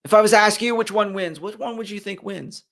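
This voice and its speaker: High-voiced man giving a motivational live talk. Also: brisk, vocal fry. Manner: animated, repeats key phrases, addresses viewers as guys. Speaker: host of a motivational live stream.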